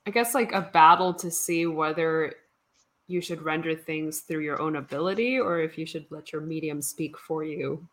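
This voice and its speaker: A woman in casual chat while painting, relaxed and wry, reading out viewer comments. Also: low-pitched, normal speed. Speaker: co-host.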